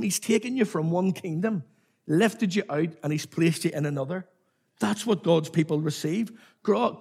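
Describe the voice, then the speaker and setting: A man preaching a sermon in a slightly high, husky voice. He is emphatic and repetitive, and calls on his listeners to answer back.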